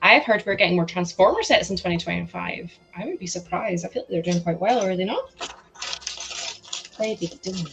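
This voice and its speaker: Chatty, excitable woman streamer. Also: on the low side, fast talker, creaky, music in the background. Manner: chatty and excitable, breaking into laughter. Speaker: live-stream host. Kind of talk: casual chat while building a toy set.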